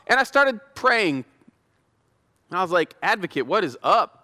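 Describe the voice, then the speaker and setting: A man's voice: very high-pitched, moderate pace, pushed and bright. A middle-aged male pastor giving a sermon, chatty and self-deprecating, building into fervent prayer. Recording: long hall reverb.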